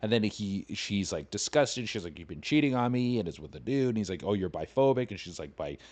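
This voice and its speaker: Low-pitched man, casual podcast storytelling, profane, incredulous rambling. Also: animated, brisk, a little mellow. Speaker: comedian podcast host.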